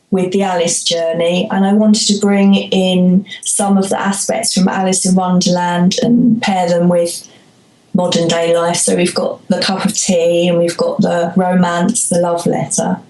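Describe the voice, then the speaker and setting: Animated South London woman, roomy call. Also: on the low side. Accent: South London English. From Croydon, England. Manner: animated, mimics voices in playful quotes. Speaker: musician guest. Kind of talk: casual interview chat. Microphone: video call.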